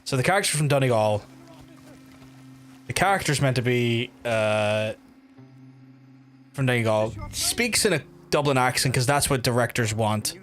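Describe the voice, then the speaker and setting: A man's voice: mid-range voice, animated, moderate pace, pauses often, a bit bright, faint music behind. A man streaming a video game, chatting casually and swearing often while he talks over the play. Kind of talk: casual gameplay commentary.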